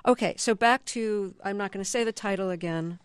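Smooth-voiced curious woman interview host. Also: medium pitch, a little fast, no echo, clean studio sound. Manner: curious, self-deprecating, laughs easily. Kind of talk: interview conversation.

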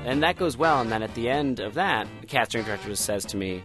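A man's voice: mid-range voice, fast talker, over music. A comedian in his thirties telling a personal story, acting out the dialogue as he goes. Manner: animated, acts out dialogue.

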